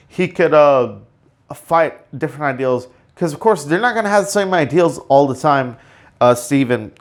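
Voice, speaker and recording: A man hosting a casual solo podcast, rambling excitedly with many fillers and restarts and sudden emotional outbursts. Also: mid-range voice. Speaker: podcast host.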